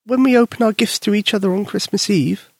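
A man voicing a small, guilty little girl who answers in a soft, weak, sighing voice. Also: high voice, a little fast, creaky, no room sound, studio quality, pitched above the performer's own voice. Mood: sorrowful.

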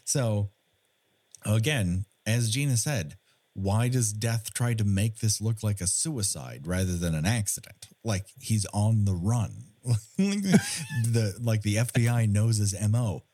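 A man's voice: fairly low pitch, animated, slow, mellow, no room sound. Wry joking man recapping a movie. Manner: wry, joking, swears casually, laughs often. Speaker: podcast co-host. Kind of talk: casual movie-recap chat.

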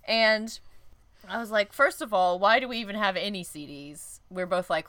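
A woman's voice: mid-range voice, brisk, fairly bright tone. A woman co-hosting a podcast, telling a story in rambling casual chat, laughing often and cutting herself off. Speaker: podcast co-host.

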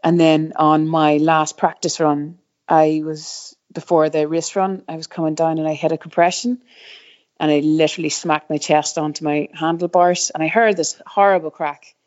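A woman's voice: low voice, level tone, moderate pace, a little mellow. A middle-aged woman telling stories from her racing career in a casual interview, rambling with lots of fillers and restarts. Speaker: guest, former downhill mountain bike racer. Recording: slightly dull, muffled recording.

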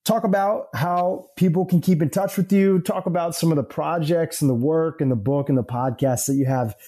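A man's voice: on the high side, moderate pace, mellow. A male podcast host who asks questions in a reflective, thoughtful way. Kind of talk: conversational interview.

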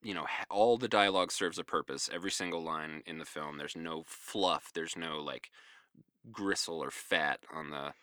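A man's voice: extremely low pitch, normal speed, sharp tone, dry recording, clean studio sound. A man co-hosting a podcast in casual chat, giving enthusiastic opinions with self-deprecating asides. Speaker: podcast co-host.

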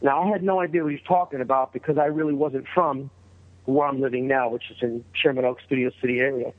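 A middle-aged man from New York, a guest telling a story in a casual, animated way and acting out the voices of the people in it. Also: fast talker. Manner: animated, acts out quoted voices in a higher pitch. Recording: tinny phone-like line.

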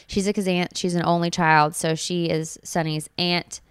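Earnest, gushing young mother, crisp voice. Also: fairly low pitch, level tone, normal speed, no echo, studio quality. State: tearful at times. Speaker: new mother telling her birth story. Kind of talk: personal storytelling.

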